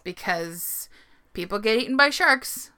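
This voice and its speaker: A woman's voice: medium pitch, animated, measured pace, sharp tone, clean tone. A woman co-hosting a casual podcast, retelling a story in a chatty way with frequent laughs and the odd swear. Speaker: podcast co-host.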